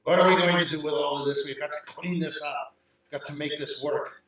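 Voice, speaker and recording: A man's voice: a little high, fairly even intonation, a little fast, far from the mic, close to an everyday voice. Worried, commanding family head, done by a male game master in a tabletop game, echoey and off-mic. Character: harried grown man, a family head cleaning up.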